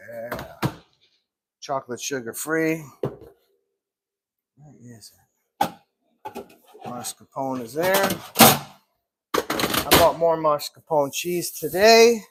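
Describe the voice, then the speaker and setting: Slow-talking man narrating his gelato prep. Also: a little high. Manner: chatty, talks to himself while working, clears throat often. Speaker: gelato shop owner. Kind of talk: casual live-stream chat while working. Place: gelato shop at work. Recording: clear background noise with clicks.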